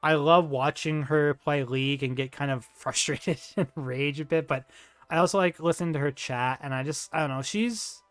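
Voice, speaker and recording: A man's voice: fairly high pitch, moderate pace, a bit bright, no echo, soft background music. A man chatting casually on a livestream, rambling and gushing, with lots of fillers, restarts and slang like "dude". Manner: slangy, says dude and bro. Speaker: streamer.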